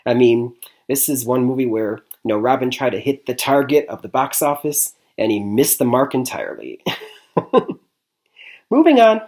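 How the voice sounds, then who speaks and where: A man from Michigan talks through a movie review in a relaxed, chatty way. He leans on fillers like "I mean" and "like I said," and chuckles between points. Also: medium pitch, measured pace, pauses often. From Michigan, USA. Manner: chatty, repeats "I mean" and "like I said", laughs often. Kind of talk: casual spoken movie review.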